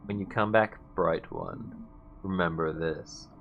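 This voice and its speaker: A man voicing a cruel male king villain in a game, speaking slowly and low with threats. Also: dull audio, faint music behind. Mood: menacing. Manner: slow, low, threatening delivery. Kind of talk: video game voice-over reading.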